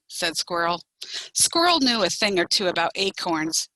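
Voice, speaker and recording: A woman, a children's librarian, reading a picture book aloud in an animated, expressive way. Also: on the low side, normal speed, no echo, rough recording.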